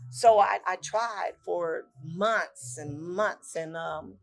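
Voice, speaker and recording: An older woman on a talk show tells a personal story with deep emotion, acting out what others said and repeating phrases. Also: slow, creaky.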